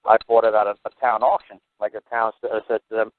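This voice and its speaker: A man hosting a call-in show, telling stories in a blunt, profane, rapid way. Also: on the low side, little pitch movement. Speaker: host. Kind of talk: casual storytelling on a call-in show. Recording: tinny phone-line audio.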